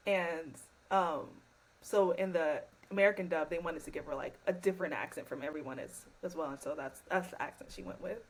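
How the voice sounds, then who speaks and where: A woman speaks as a guest on a podcast, easygoing and enthusiastic, with many ums and likes. Her voice sits on the lower side for a woman. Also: brisk, rough recording. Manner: enthusiastic, casual, frequent fillers. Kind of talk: casual podcast chat.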